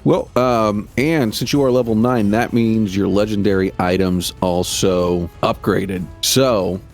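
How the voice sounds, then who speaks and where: A man narrating as game master of a tabletop game, relaxed and halting, with many fillers. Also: fairly low pitch, faint music behind.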